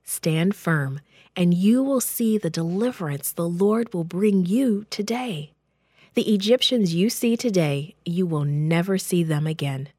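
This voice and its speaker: A woman doing a calm, firm old leader. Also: fairly low pitch, a little slow, breathy edge, no echo, studio quality. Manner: firm, steady and commanding.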